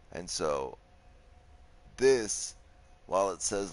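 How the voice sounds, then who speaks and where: Man, deep voice; laid-back gameplay commentator who thinks aloud. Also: slow pace, vocal fry. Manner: relaxed, thinks aloud, swears at enemies. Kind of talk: casual let's play commentary.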